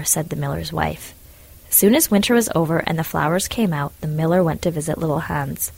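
A woman narrating a storybook in a calm, measured and plain way. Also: low-pitched, vocal fry, husky, dry recording, rough recording.

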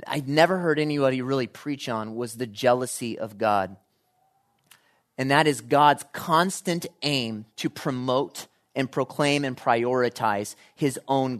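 A man preaching a sermon, shifting from quiet, measured reading to loud, animated emphasis. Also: mid-range voice.

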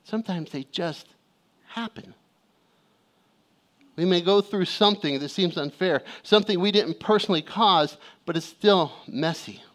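A middle-aged male pastor preaching a sermon, telling a family story with lively acted-out voices and calls for amens. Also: high-pitched, a little slow.

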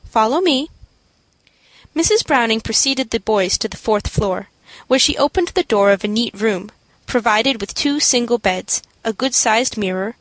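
A woman narrating an audiobook in a steady, clear storytelling manner. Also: on the high side, no room sound, rough recording.

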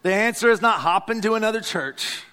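A man's voice: sits high, animated, brisk, sharp tone. A male pastor, preaching a sermon and calling out to the congregation. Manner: exhorting, calls out to the congregation.

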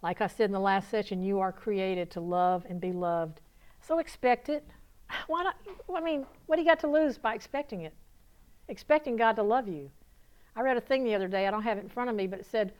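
Southern US woman pastor, smooth clear voice, folksy sermon delivery with bursts of excitement. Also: mid-range voice, moderate pace, pauses often. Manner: folksy, laughing, rising to excited call-and-response. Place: church conference hall.

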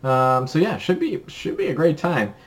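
A young man co-hosts a podcast, chatting casually and rambling upbeat with lots of ums. His voice is a little high, animated, and moderately paced.

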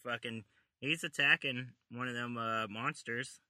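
Very bright-voiced, joking casual man. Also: medium pitch, a little slow, no echo. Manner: profane, joking, trying silly accents. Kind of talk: casual comic book chat.

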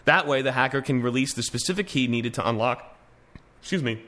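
A man's voice: medium pitch, lively intonation, brisk, a bit bright. A man hosting a casual news podcast, reading articles aloud with wry asides and frequent restarts. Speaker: podcast host.

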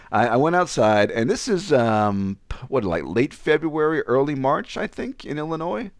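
A man's voice: fairly high pitch, sing-song, measured pace, no echo, clean studio sound. A man hosting a podcast, telling a personal story in casual chat, self-mocking and laughing often. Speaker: podcast host.

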